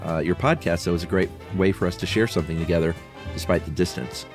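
Very deep-voiced laid-back man. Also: fast, music in the background. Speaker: podcast co-host reading listener mail. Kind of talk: casual conversational podcast.

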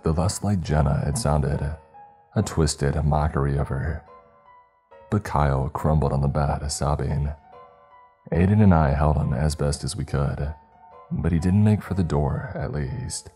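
Very deep, dark-voiced male narrator. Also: unhurried, husky, soft background music. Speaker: horror story narrator. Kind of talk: scripted narration.

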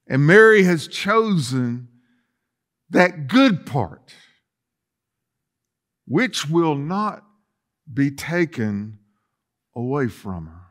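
Slow-preaching pastor, fairly high voice. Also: male voice, very animated, a bit bright. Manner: preaching with rising intensity and long pauses. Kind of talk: sermon.

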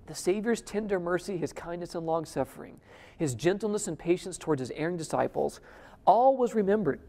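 Dramatic preacher in a reverberant hall. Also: male voice, high voice, expressive, fairly quick. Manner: dramatic, swings between loud emphasis and hushed near-whisper; addresses the audience directly with questions. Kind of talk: sermon. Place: conference hall before a live audience.

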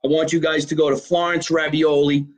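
A man hosting a casual live podcast from a basement, talking in an animated, profane way as he plugs a local deli. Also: on the high side, a little fast, low-quality recording. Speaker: podcast host. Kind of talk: casual live-stream chat.

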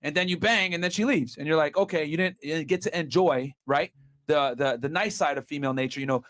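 A man's voice: on the high side, quick pace, a bit bright. A man hosting a podcast, giving blunt opinions in casual chat, often restarting and filling with "like" and "bro". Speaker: podcast host.

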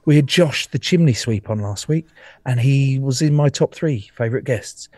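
A man's voice: mid-range voice, moderate pace, dark tone, no echo, clean studio sound. A man on a video call chatting about his podcast, rambling and swearing, laughing often. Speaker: podcast guest. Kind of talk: casual chat.

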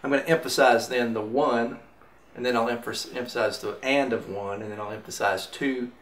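Demonstrating mandolin rhythm, this man counts beats aloud and chats easily, his mid-range voice steady, moderately paced, and a bit bright. Mandolin playing fills the roomy, off-mic recording.

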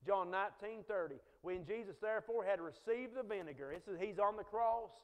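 A man preaching a sermon as pastor, swinging between loud exhortation and hushed quotes. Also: high voice, brisk. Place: church sanctuary. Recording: long reverb of a church sanctuary.

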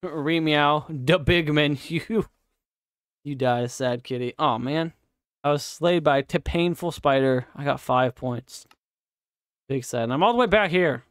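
Smooth-voiced man streaming a game. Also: a little high, measured pace, dry recording, studio quality. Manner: chatty and profane, talks to himself and the game. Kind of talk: casual live gaming commentary.

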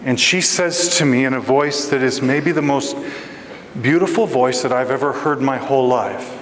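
A man giving a storytelling sermon as a guest preacher, animated and acting out voices in his story, recorded in a church sanctuary. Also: medium pitch, normal speed, slight background noise. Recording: echoey church hall with faint ambience.

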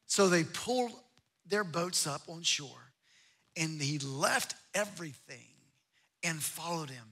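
A man's voice: fairly high pitch, animated, slow, pushed and bright, husky. A man preaching a sermon as pastor, emphatic, with repeated phrases and restarts.

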